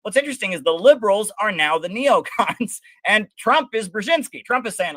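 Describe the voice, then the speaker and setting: A man's voice: high-pitched, expressive, normal speed, few pauses, pushed and bright, no echo. A man co-hosting a political talk show, explaining history and ideas in a lecturing way. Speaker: co-host. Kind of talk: political commentary chat.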